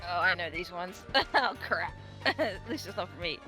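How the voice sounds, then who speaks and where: A woman roleplaying a medic in a game, speaking briskly. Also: lowish voice, expressive, bright, forceful tone, faint music behind.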